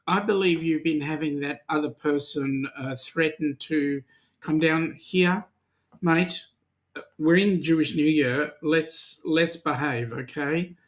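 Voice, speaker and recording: A middle-aged Australian man co-hosts a weekly cruising chat on a casual livestream, greeting and teasing viewers with lots of ums and uhs. His voice is a little high and a little slow.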